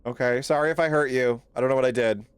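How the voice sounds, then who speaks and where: A man's voice: mid-range voice, fast, clean tone, no room sound. A young man giving jumpy, profane let's-play commentary on a horror game, laughing and complaining at the game. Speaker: gaming streamer.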